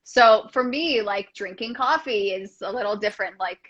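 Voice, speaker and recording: Bright-voiced playful woman host. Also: medium pitch, moderate pace, dull audio. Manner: playful, joking, laughs often. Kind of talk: casual chat.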